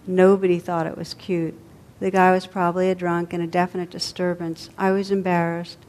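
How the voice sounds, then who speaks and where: Soft-spoken woman telling a story. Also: lowish voice, flat delivery, moderate pace. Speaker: meditation teacher. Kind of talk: storytelling in a dharma talk.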